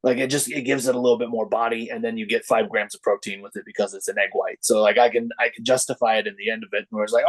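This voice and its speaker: Low-voiced man telling lively stories. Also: fast, hardly any pauses, rough recording. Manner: storytelling, acts out quoted voices with lively pitch jumps. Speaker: podcast guest, professional wrestler. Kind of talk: casual chat.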